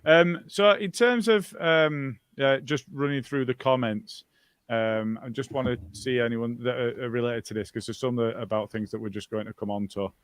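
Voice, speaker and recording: A man's voice: mid-range voice, fairly even intonation, moderate pace, no echo. Hesitant man, dry sound. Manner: hesitant, many ums, reads listener comments. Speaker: podcast host. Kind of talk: casual football chat.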